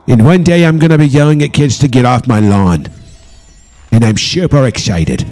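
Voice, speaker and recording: A man's voice: medium pitch, animated, brisk, warm tone. A man chatting casually on a live stream, joking and swearing as he rambles.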